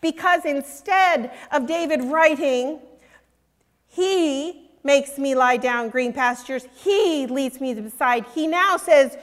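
Female preacher, high voice, earnest sermon delivery, drops soft for scripture, big reverberant church. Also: slow pace. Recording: long reverb of a large hall.

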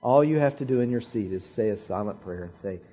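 A man preaching a sermon, telling a story in an animated way with dramatic pauses and repeated phrases. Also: lowish voice, slightly rough, muffled recording. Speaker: pastor.

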